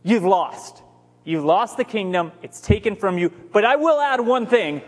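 A man's voice: sits high, lively intonation. Grave ghost of an old prophet, read by a man. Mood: grim. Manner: slow, grave and reproachful. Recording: long hall reverb.

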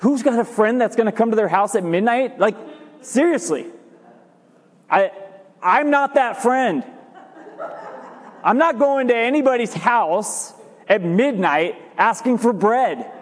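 A man preaching a sermon as pastor, animated and jokey, repeating his points for emphasis. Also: very high voice, a little slow, long pauses. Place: church sanctuary. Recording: reverberant church hall.

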